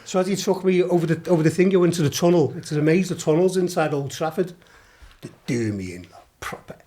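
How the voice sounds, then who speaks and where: Higher-voiced Scouse man telling stories. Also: quick pace. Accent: Liverpool Scouse. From Liverpool, England. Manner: animated, swears a lot, laughs while telling. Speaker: podcast guest. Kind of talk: storytelling anecdote.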